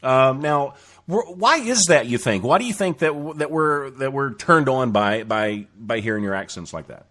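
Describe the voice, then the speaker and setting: A man hosting a casual interview, eager and excited, often stopping and restarting his questions. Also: mid-range voice. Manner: eager, halting with many restarts. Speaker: host.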